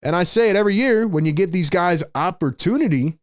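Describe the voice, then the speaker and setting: A man hosting a live fan stream, calling the game play by play and reacting excitedly while talking to viewers in the chat. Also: sits high, fast, dry recording, studio quality. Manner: excitable, shouts big plays, chats with viewers. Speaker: livestream host.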